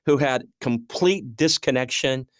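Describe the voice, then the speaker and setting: A man's voice: mid-range voice, unhurried, no echo, clean studio sound. A man co-hosting an interview show, candidly telling a personal story with feeling. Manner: candid, emotional personal anecdote. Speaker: co-host.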